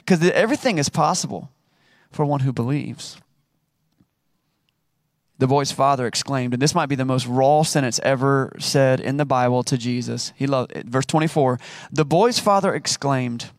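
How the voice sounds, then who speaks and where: A man's voice: medium pitch, normal speed, no room sound, clean studio sound. A married man giving a casual, conversational sermon, acting out quotes with playful asides. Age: adult, married. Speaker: preacher.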